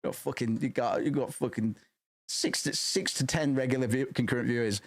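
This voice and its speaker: A man chatting casually on a livestream, rambling and profane, loud and passionate, tacking "man" onto his sentences. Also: brisk. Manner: loud and passionate, animated swings in pitch. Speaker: streamer.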